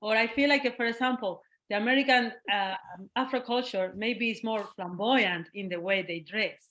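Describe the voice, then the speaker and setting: A woman from Cuba with a Cuban Spanish accent, a guest in a casual interview conversation who is animated, laughs often and acts out the voices she quotes. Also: a little high, moderate pace. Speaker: guest artist.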